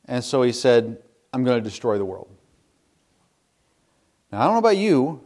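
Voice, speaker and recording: A man's voice: mid-range voice, darkish tone. A man preaches a sermon with an earnest, explaining manner. He reads scripture aloud and repeats words as he works through his thoughts. His voice sits in an ordinary middle register. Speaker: pastor.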